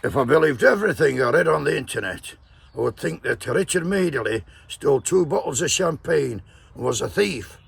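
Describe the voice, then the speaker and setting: A sneering male Scottish politician, as a man puts him on for a vlog. The voice is heavily gravelly and husky, and the put-on Scottish accent is laid on thick. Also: fairly high pitch, lively intonation, fairly quick, full character voice. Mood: mocking.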